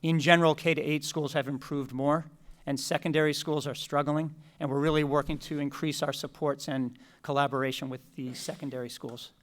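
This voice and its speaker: A man presenting school attendance plans to a committee, speaking in a measured, explanatory way. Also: a little high, steady tone. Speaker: school district official presenting. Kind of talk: formal presentation at public meeting.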